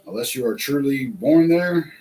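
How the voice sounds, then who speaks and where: American man, host, rambling casual chat, mid-pitched voice. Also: lively intonation, moderate pace, a little mellow, faint music behind, poor audio. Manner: rambling, chatty, laughs often.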